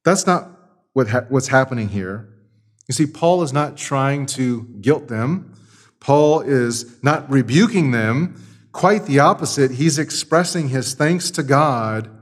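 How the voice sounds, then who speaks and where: A man's voice: mid-range voice, lively intonation, slow, breathy edge. A man preaching a Sunday morning sermon, teaching through a Bible passage with emphatic repetition. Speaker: pastor.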